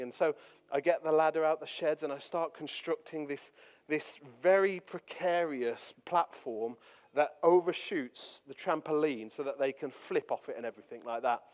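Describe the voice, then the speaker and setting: A man's voice: fairly high pitch, normal speed. Chatty man preaching in a hall. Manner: chatty, self-deprecating storytelling. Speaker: pastor. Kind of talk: storytelling sermon.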